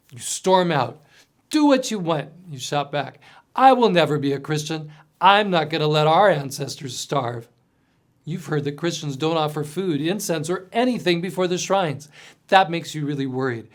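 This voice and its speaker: An earnest man tells a story straight to the listener, voice pitched a little high. He reads from a script and sinks to a quiet hush at tender moments. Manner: earnest, gently dramatic storytelling with soft drops. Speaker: mission storyteller. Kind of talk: scripted second-person narration.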